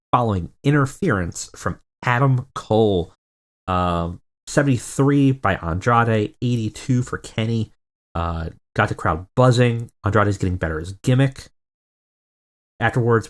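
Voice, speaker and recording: A man giving casual, rambling commentary on a wrestling management game, often correcting himself. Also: lowish voice. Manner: rambling, self-correcting, chuckling. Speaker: video game let's player.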